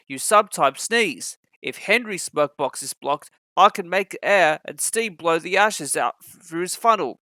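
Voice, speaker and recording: A man voicing a calm, kindly male engine driver in a storybook reading, explaining things patiently. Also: fairly high pitch, dry recording, studio quality.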